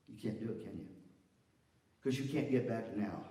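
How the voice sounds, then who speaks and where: A man giving a lively, chatty lecture to music educators, often asking the audience questions. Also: on the low side, moderate pace, long pauses. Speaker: guest speaker for music educators. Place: large echoey lecture room. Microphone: distant from the microphone. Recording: echoey room from far off.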